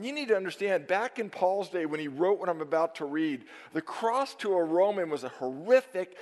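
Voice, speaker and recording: A high-voiced man preaching with real fire, punching key words and then dropping to a near hush. His sermon rings out through a church sanctuary with a long, lingering reverb. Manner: emphatic, dynamic preaching with sudden drops to near-whisper. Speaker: pastor.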